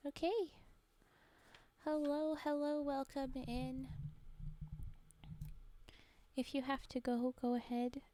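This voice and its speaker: A woman streamer chatting casually and haltingly between poems, with many soft fillers. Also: on the high side. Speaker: streamer reading poetry. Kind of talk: casual live-stream chat.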